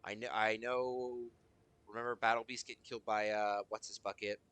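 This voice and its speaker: A man's voice: fairly low pitch, level tone, a little fast, fairly bright tone, clear, resonant tone, no room sound. Tired, profane male game streamer. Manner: loose, profane, rambling. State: tired, yawning. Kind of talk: casual gaming stream chat.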